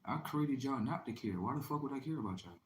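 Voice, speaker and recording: A man hosting a livestream, delivering a boastful, taunting, profane monologue that swings between loud outbursts and low mutters. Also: animated, fast. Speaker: livestream host. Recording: echoey room with faint ambient noise.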